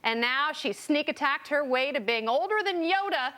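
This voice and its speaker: A woman hosting a TV panel show, reading segments with quick wisecracks. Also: sits high, expressive, bright, forceful tone. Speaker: host.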